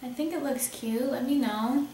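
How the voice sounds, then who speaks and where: A woman's voice: high voice, normal speed, warm tone. Chatty young woman in a roomy space. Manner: chatty, enthusiastic, thinking aloud while showing items. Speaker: beauty vlogger. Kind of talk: casual haul video. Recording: roomy echo, somewhat far from mic, faint hiss.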